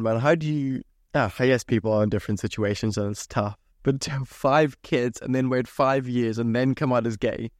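Ranting alone on his podcast, a young host comes across as casual, exasperated and fond of swearing. He speaks at a medium pitch, captured in a dry, clean studio recording.

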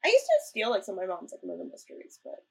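A young woman co-hosting a casual chat recap of a ghost-hunting show, animated and laughing. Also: mid-range voice, very fast, vocal fry, slight background noise, low-quality recording. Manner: animated, laughing, retells scenes in quoted voices. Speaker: podcast co-host.

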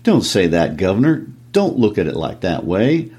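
A cheeky, shameless old dustman pleading his case, as a man reads him aloud. The voice sits fairly low and rises as he begs. It is a wheedling reading of a stage part. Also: big pitch swings, normal speed, mellow, breathy edge, heavily acted.

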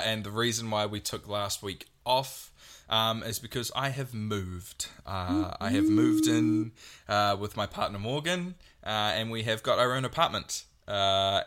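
A man's voice: on the low side, bright, forceful tone. A young man co-hosting a podcast in casual chat, talking earnestly and rambling with many restarts. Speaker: podcast co-host.

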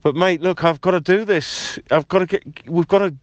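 A man's voice: high-pitched, a little fast, no room sound, dull audio. Pushy man leaving voicemails. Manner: conspiratorial, pushy, matey. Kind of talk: improvised comedy voicemail. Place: car.

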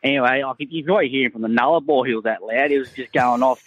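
Crude Australian bloke spinning a yarn. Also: male voice, mid-range voice, fairly even intonation, quick pace, hardly any pauses, sharp tone, a little hiss or hum, poor audio. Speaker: caller sending in a voice message. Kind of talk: rambling anecdote.

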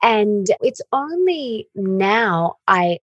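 A woman's voice: mid-range voice, very animated, drawn-out words, dry recording, dull audio. A woman chatting enthusiastically as an interview guest, talking about her baby with frequent "like"s. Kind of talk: casual interview chat.

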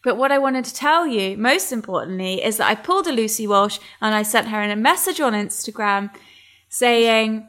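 A woman's voice: on the high side, normal speed, a bit bright. A woman co-hosting a podcast, chatting casually and playfully earnest as she shares personal news. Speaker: podcast co-host. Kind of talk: casual chat.

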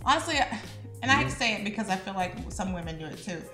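A woman co-hosting a casual group chat, reading listener comments aloud and reacting with lively opinions. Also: mid-range voice, fast talker. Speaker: podcast co-host. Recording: echoey room with music behind.

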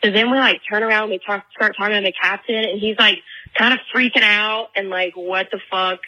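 A young woman leaving a casual voicemail, retelling a story in a chatty, animated way with many fillers. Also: mid-range voice, brisk, rough recording. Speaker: voicemail caller.

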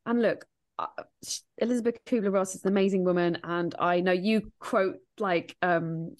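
A woman speaks as a podcast guest in loose, casual conversation. She rambles through her answers with a lot of energy, peppers them with swearing, and breaks into laughter often. Her voice sits at an ordinary middle pitch. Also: fairly even intonation, moderate pace. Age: adult, grieving since 1998. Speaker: guest, grief podcast host and author. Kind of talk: casual interview chat.

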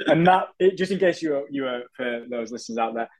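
A man's voice: medium pitch, animated, fast talker, rough recording. A man co-hosting a casual podcast, hesitant and self-deprecating as he talks. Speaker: podcast co-host. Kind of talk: casual chat.

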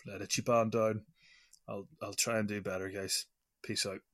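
A man's voice: fairly low pitch, flat delivery, moderate pace, fairly bright tone, no echo, studio quality. A man co-hosting a gaming podcast in casual chat, self-deprecating and often trailing off in mumbled asides. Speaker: podcast co-host. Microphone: podcast microphone.

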